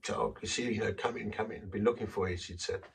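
A low, gravelly man's voice with a husky, breathy edge tells a story from the pulpit. He is a vicar and talks in a self-deprecating way, acting out what people said. He sounds a little far from the mic. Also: steady tone, fast talker. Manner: anecdotal, self-deprecating, acts out quotes. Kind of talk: sermon storytelling.

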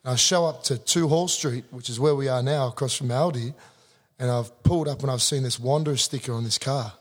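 A man's voice: mid-range voice, a little fast, in a large hall. An Australian man in his thirties, a guest telling a blunt, sweary story in casual conversation. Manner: blunt, sweary, animated yarn-spinning.

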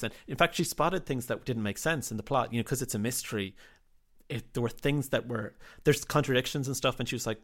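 A man's voice: medium pitch, quick pace, fairly bright tone. A man, the writer and director of a drama, answering interview questions in a reflective, rambling way with frequent restarts. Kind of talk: casual interview talk.

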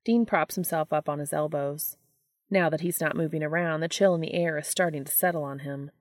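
Woman narrator, audiobook fan fiction, steady reading, deep voice, dry sound. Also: moderate pace, vocal fry, no echo. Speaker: podfic reader.

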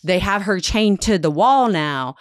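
A woman casually retelling a dark history story, acting out the quotes with lots of "like". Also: medium pitch, measured pace, no echo, clean studio sound. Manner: animated retelling, acts out quotes, frequent "like". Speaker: podcast host telling a history story.

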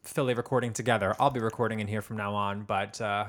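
A man's voice: fairly low pitch, steady tone, quick pace, a bit bright. A man co-hosting a podcast, chatting casually and laughing often as he reads listener messages. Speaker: podcast co-host. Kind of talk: casual chat.

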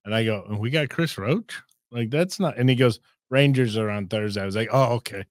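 Joking podcast co-host with a dry voice. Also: male voice, fairly low pitch, fairly quick, no echo. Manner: joking banter. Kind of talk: casual podcast chat.

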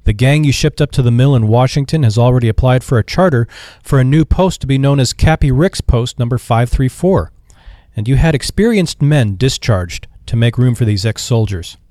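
A man's voice: mid-range voice, animated, moderate pace, warm tone, no room sound, close to an everyday voice. A stiff office manager gripes and pushes back against his boss, played by a male narrator. The delivery is prim and sour. The recording is close and dry. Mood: complaining. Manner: complaining, prim.

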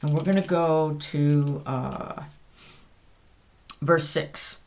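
A woman's voice: deep voice, steady tone, drawn-out words, a little mellow, a little hiss or hum. A woman hosting a podcast, giving an earnest, conversational Bible teaching and correcting herself aloud as she goes.

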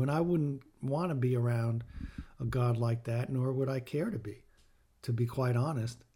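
A man's voice: medium pitch, moderate pace, dark tone. A middle-aged man hosting a podcast, speaking in an earnest, heartfelt way and stressing his points through repetition as he reflects on faith. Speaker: podcast host. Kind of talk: personal reflective talk with faith teaching.

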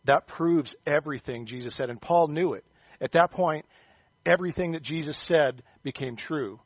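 A man delivers a conversational sermon at a middle pitch, folding scripture reading into friendly asides and corny jokes. The recording is dry and a bit muffled, with no room sound. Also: moderate pace, husky, dry recording. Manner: conversational, animated, self-deprecating humor. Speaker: pastor.

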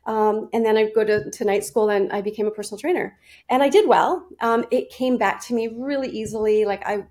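A woman's voice: fairly high pitch, brisk, a little mellow. A chatty woman in her forties tells her story as a guest on a podcast. She talks loosely, laughs often and restarts her sentences as she goes. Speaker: guest nutrition and fitness coach. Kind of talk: casual interview storytelling.

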